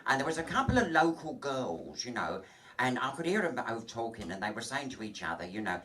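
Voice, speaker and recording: A man's voice: mid-range voice, very animated, fast, a bit bright, far from the mic, slight background noise. A man doing bawdy stand-up in a small pub. He tells chatty, gossipy stories, acts out the voices and laughs at his own punchlines. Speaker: drag comedian. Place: small pub, live show.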